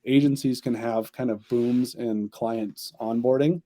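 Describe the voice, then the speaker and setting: A man's voice: mid-range voice, fairly even intonation, measured pace, dark tone. A man, a company chief executive, answering interview questions at length in an upbeat way. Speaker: agency CEO, podcast guest.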